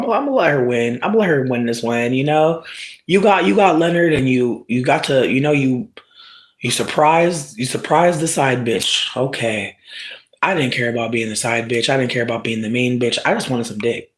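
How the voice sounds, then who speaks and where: A streamer casually telling a story to viewers, profane and animated, breaking into loud shouts and asides to the audience. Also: medium pitch, moderate pace.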